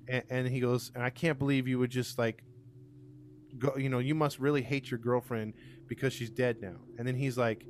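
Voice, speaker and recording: A man's voice: medium pitch, fairly even intonation, normal speed, a little hiss or hum. A man casually retelling a crime case to co-hosts, acting out the quotes with lots of fillers and restarts. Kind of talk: casual storytelling chat.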